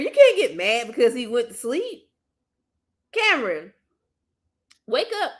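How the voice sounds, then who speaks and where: A woman hosting a casual livestream, gently coaxing and soothing a child, then chatting easily with her viewers. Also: on the high side, huge pitch swings, a little slow, pauses often. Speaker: livestream host and mother.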